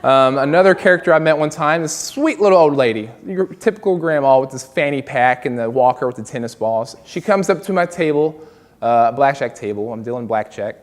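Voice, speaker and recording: A man's voice: medium pitch, expressive, fairly quick, big-room sound. A man doing stand-up comedy, telling stories in a loose, rambling way full of fillers and asides.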